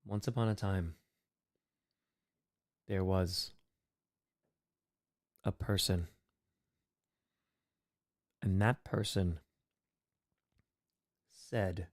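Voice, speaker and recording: A young man hosting a charity livestream, chatting casually and telling silly made-up stories in a deadpan way. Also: low voice, very slow, pauses often. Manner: playful, breaks into sudden loud shouted donor shout-outs. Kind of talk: casual live stream chat, improvising silly stories.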